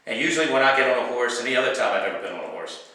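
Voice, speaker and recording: A man telling a funny true story as stand-up comedy, animated and acting out his own shouts and other voices. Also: mid-range voice, rapid-fire. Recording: echoey room from far off.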